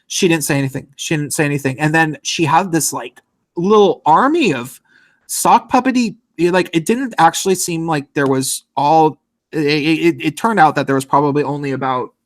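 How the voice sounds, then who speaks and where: A man's voice: a little high, moderate pace, no echo. A man telling a long, rambling story in casual podcast chat, full of fillers and swearing.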